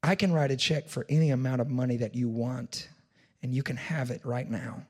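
A man's voice: mid-range voice, steady tone, normal speed, lightly acted. A man voicing an insistent wealthy businessman in a sermon story, pleading and demanding. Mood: persuasive. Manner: pleading, then shouting demands.

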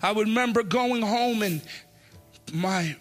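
A man preaching an impassioned sermon and altar call in a church, often shouting with a sing-song preaching cadence. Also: sits high, unhurried, faint music behind. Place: church sanctuary.

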